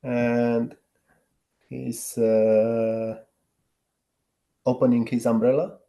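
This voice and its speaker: Hesitant male student on a call, slow and mellow. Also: mid-range voice, little pitch movement. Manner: hesitant, searching for words. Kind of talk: describing pictures in a lesson. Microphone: video call.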